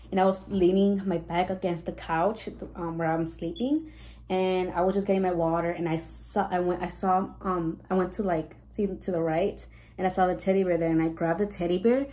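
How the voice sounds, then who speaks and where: A woman's voice: lowish voice, a little mellow, poor audio. A pregnant young woman chatting casually to her viewers, rambling with lots of "like" and restarts and slipping Spanish words in. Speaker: vlogger. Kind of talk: casual storytime chat.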